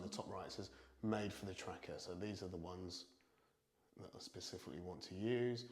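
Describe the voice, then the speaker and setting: Chatty British man in a roomy room. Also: on the low side. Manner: chatty, self-deprecating, thinking aloud. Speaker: product reviewer. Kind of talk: casual review vlog.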